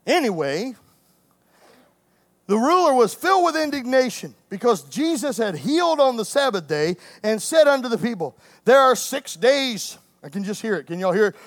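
High-voiced preacher shouting praise. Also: male voice, moderate pace, no echo. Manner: lively preaching, rising to shouts, playful asides to the congregation. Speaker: pastor. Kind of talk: sermon.

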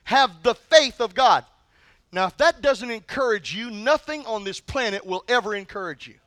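A male pastor preaching a sermon in an animated, humorous storytelling manner. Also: high-pitched, normal speed, no echo, clean studio sound.

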